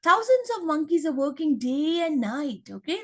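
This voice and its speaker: A woman's voice: high voice, big pitch swings, normal speed, fairly bright tone. A woman teacher, explaining a story in a chatty way with many fillers and checks. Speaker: English teacher. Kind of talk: explaining a lesson.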